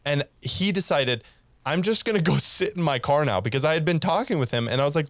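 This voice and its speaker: A man's voice: fairly high pitch, brisk, dry recording. Man telling a story, dry close sound. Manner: rambling, animated retelling with laughs. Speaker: podcast co-host. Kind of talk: casual storytelling chat.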